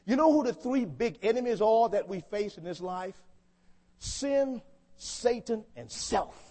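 Animated high-voiced man preaching a sermon. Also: unhurried. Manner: rhetorical questions to the congregation. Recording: long hall reverb.

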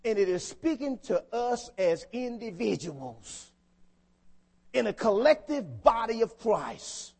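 Animated high-voiced man preaching a sermon. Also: slow pace, vocal fry, husky. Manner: rhetorical questions to the congregation. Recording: long hall reverb.

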